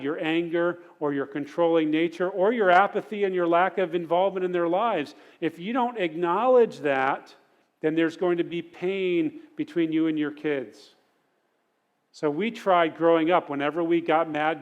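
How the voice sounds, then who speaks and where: Earnest, higher-voiced middle-aged preacher. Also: male voice, fairly even intonation, moderate pace, dull audio. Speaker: church teacher. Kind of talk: parenting sermon.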